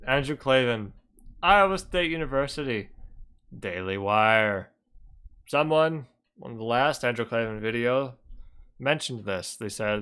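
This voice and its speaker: A man's voice: mid-range voice, lively intonation, unhurried, pauses often, fairly bright tone, clear, resonant tone. A man hosting a reaction commentary, heckling a played speech sarcastically. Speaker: host.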